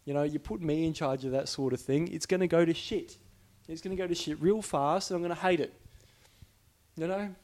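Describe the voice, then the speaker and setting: A man's voice: a little high, brisk, a little mellow. An Australian man ranting casually, profane and rambling, often restarting his sentences in exasperation. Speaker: podcaster. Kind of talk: casual rant.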